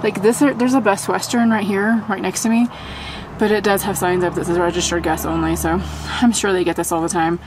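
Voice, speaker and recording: A woman's voice: medium pitch, steady tone, brisk, background noise. A woman travel vlogger chatting casually to her viewers, talking to a handheld camera outdoors. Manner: chatty, addresses viewers directly. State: out of breath from altitude. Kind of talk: casual vlog talk to camera. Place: outdoors by a lake on a windy day.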